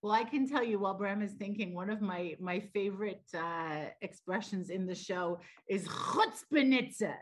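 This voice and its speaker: A woman's voice: mid-range voice, normal speed, few pauses. A middle-aged woman, a stage actor talking as an interview guest, enthusiastic about her work. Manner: enthusiastic, warm about her craft, some restarts.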